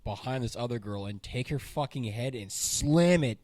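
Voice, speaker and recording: A man's voice: mid-range voice, animated, normal speed, darkish tone, dry recording. A young man co-hosting a podcast, talking in a blunt, profane, casual way. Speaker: podcast co-host. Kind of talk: casual chat. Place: podcast studio.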